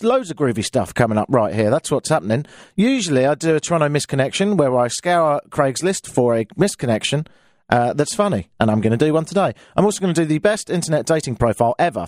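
On a radio talk show, an English host with a London accent delivers a casual, rambling monologue, mocking himself and playing with big pitch swings. His voice is sing-song, a little fast and a little mellow, recorded dry and clean on a studio microphone in a radio studio.

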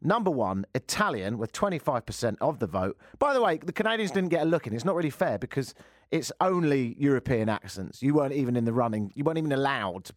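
A male talk radio host who chats in a joking, teasing way. His pitch moves around in a lively way, and the studio microphone sounds dry and close. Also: quick pace, no room sound. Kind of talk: casual talk radio chat.

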